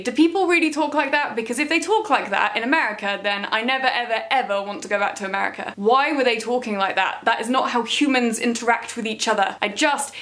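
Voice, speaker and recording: A woman's voice: fairly high pitch, fairly bright tone. A young woman ranting in a review vlog, exasperated and sarcastic, firing off incredulous rhetorical questions. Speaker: book vlogger.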